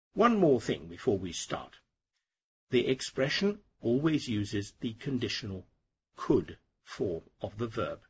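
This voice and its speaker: A middle-aged man hosting an English-learning podcast, narrating a lesson slowly and clearly for learners. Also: mid-range voice, muffled recording. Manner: slow, clear and deliberate for learners. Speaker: English teacher, podcast host.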